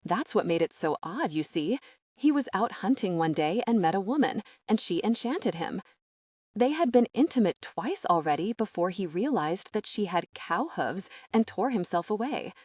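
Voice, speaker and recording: A woman voicing a gentle, humble elderly fairy godmother whose voice shakes as she talks apologetically. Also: mid-range voice, big pitch swings, moderate pace, dry recording, clean studio sound. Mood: tearful. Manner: soft, apologetic, with a shaky voice.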